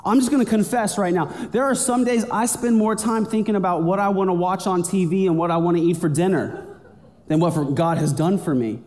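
A man's voice: a little fast, a little mellow. A man preaching a sermon as a pastor, talking in a conversational way and building up energy as he goes. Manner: conversational preaching, builds in pitch toward the end. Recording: long hall reverb.

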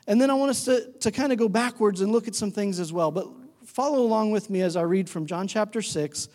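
High-voiced pastor preaching in a reverberant hall. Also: male voice, fairly quick. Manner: conversational, animated when imitating talk to his dog. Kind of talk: sermon.

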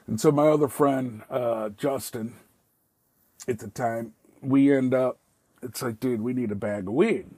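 A man's voice: medium pitch, measured pace, mellow, slightly rough, no room sound. A middle-aged man casually telling a personal story, rambling and swearing freely, with lots of "I was like.".

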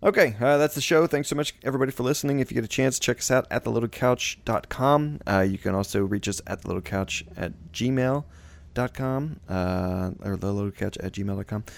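A man's voice: mid-range voice, normal speed, vocal fry. A man hosting a casual podcast, laughing often as he runs the segments with friends. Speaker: podcast host. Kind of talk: casual chat among friends.

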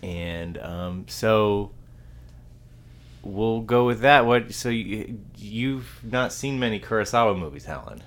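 A man's voice: on the low side, animated, slow pace, a bit bright. A man co-hosting a movie podcast, talking casually in a rambling, hesitant way with many restarts and fillers. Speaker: podcast co-host. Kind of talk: casual chat.

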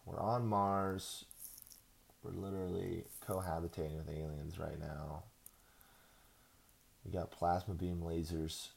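Gravelly, low-voiced profane podcast host. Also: male voice, fairly even intonation, unhurried, long pauses. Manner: profane, sarcastic, rambling. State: out of breath. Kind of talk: casual ranting monologue.

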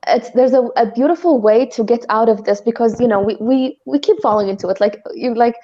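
A woman co-hosting a casual spiritual chat, talking in halting bursts with many restarts. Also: fairly high pitch, dark tone, muffled recording. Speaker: podcast co-host.

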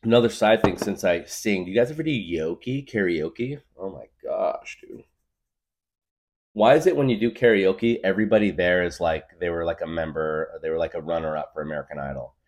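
A man in his thirties with a voice that sits low speaks fairly quickly while hosting a podcast. His comedic monologue rambles, is full of fillers, and he laughs at his own jokes.

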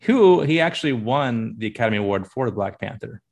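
A man co-hosting a podcast in a relaxed, enthusiastic chatty way. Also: medium pitch, a little fast, vocal fry. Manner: enthusiastic, laid-back, many fillers. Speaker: podcast co-host. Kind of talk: casual chat.

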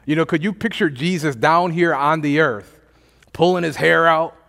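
A male pastor delivering a sermon, emphatic and driving his points home by repeating phrases and calling for an amen. His voice sits a little on the high side. It carries through a reverberant church hall. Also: normal speed, gravelly, a bit bright.

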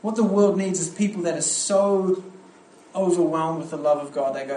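A young man delivers a sermon at a youth camp, his voice sitting a little higher than most men's. He tells stories with energy, often restarting his phrases. The sound is roomy and echoey, with faint ambience behind him. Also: moderate pace, a little hiss or hum. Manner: animated storytelling with frequent restarts. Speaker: youth pastor preaching at a camp.

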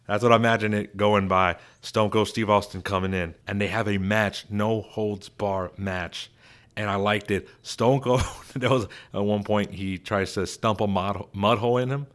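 A man's voice: on the low side, steady tone, normal speed, a bit bright. A man in his thirties, stuffed up from allergies, giving a casual, rambling recap with lots of restarts and chuckles. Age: 30s. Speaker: wrestling vlogger.

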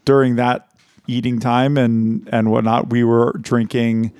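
A man's voice: mid-range voice, flat delivery, measured pace, darkish tone, clean tone, no room sound, clean studio sound. A man co-hosting a casual podcast, chatting with friends, laughing often and rambling through restarts while reading reviews aloud. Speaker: podcast co-host.

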